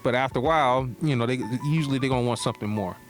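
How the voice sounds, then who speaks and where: A man's voice: medium pitch, very fast, soft background music. A man co-hosting a podcast, chatting casually and teasing his co-host with lots of laughter. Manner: joking, teasing, animated with laughter.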